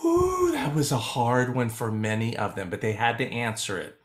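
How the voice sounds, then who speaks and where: A man's voice: medium pitch, normal speed. A man who teaches choir, talking casually on a video call and acting out his students' voices as he tells stories. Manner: animated storyteller, acts out quoted students. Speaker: choral music educator.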